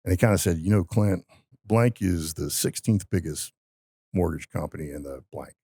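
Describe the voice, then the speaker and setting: This is a man with a very low, gravelly voice that has a husky edge. He talks fast and with emphasis, recorded dry in a podcast studio. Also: warm tone, dry recording. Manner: emphatic, motivational. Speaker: podcast guest. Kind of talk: storytelling in casual conversation.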